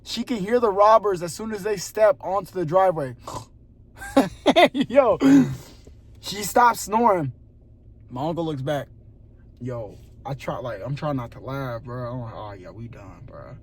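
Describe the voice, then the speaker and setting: A young man vlogging, telling a story in casual chat, animated and laughing often, dropping to a hushed voice for suspense. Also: high voice, a little slow, long pauses, no room sound. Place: parking lot at a gym at night.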